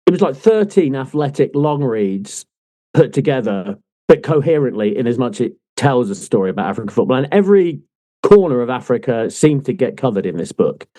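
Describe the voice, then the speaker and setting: A man's voice: medium pitch, very animated, fairly quick, warm tone. A man co-hosting a casual chat podcast, jokey and teasing, laughing often. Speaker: podcast co-host.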